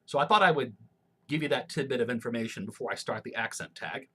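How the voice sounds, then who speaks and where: A man from Missouri, a former radio announcer, talking casually through an accent tag in measured, clear announcer diction with a broadcast accent. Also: mid-range voice, fairly bright tone. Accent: General American broadcast, Missouri roots. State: allergies, throat clearing.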